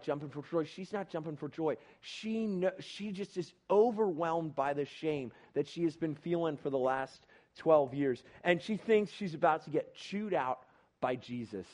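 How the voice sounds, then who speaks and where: A young man preaching on a Bible passage in a casual, animated way, acting out the people in the story. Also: on the high side. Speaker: pastor.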